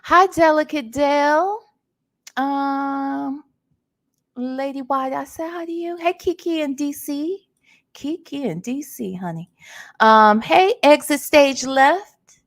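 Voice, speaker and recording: A tired, low-energy woman hosting a casual livestream and greeting her chat one by one. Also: slow. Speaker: livestream host.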